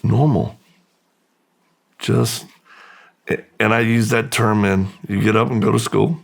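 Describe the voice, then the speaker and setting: An American man, appearing as an interview guest, tells his life story slowly and reflectively, pausing and restarting as he goes. His voice is on the low side, steady in tone, creaky and husky.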